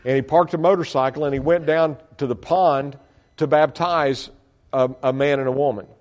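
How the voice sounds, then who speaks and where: Speaking as a missionary reporting to his supporters, a man with a fairly high, steady, darkish voice takes a congregation through a slide show at normal speed. His delivery is folksy and earnest, with plenty of fillers and restarts.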